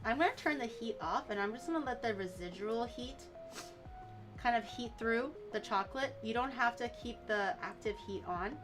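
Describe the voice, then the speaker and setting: A woman's voice: on the high side, normal speed, over music. A woman streamer chatting casually while cooking, playful and teasing, stretching out words to poke fun at pronunciations.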